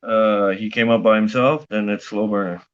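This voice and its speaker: A laid-back man chats casually on a stream, tossing out slang. His voice sits low. The audio is dull and lo-fi. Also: fairly even intonation, moderate pace. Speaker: stream chat participant. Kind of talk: casual chat.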